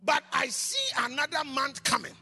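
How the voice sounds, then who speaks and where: A male pastor preaching a sermon, moving between calm teaching and shouted blessings, switching between English and Twi. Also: extremely high pitch, moderate pace, long reverb tail, faint music behind. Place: church.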